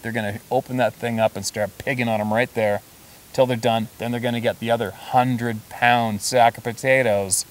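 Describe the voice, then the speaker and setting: A man casually telling stories in a chatty, emphatic way, now and then laughing as he talks. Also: medium pitch. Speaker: storyteller. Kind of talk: casual storytelling. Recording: distant mic with faint hiss.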